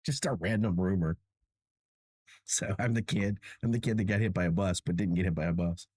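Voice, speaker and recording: A tired, achy young man hosts a livestream, chatting casually with viewers, mocking himself and laughing often. His low-sitting voice runs a little fast, slightly mellow with a breathy edge. The sound is clean studio quality with no echo.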